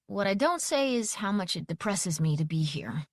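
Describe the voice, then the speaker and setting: A woman narrating a first-person audiobook, expressive and giving each character a voice. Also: medium pitch, normal speed, dry recording, studio quality.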